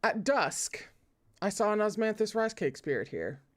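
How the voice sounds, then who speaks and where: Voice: mid-range voice, sing-song, normal speed, a bit bright, voice pushed up. A reader plays a mischievous young disciple in a read-aloud novel. He tells tall stories with an earnest, straight face and a grin behind them. The voice is close to the reader's own. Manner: earnest-sounding, teasing. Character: sly, playful young male disciple.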